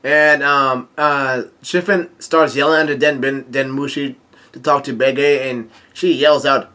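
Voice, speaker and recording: A man reading through a manga chapter aloud in a casual, halting way, with many fillers and restarts and frequent chuckles. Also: medium pitch, fairly even intonation, pushed and bright. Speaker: manga reader and commentator.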